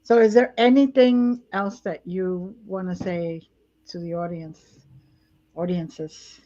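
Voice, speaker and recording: A woman hosting a casual interview, warmly encouraging her guest with frequent affirmations. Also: on the low side, steady tone, slow, muffled recording. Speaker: talk show host.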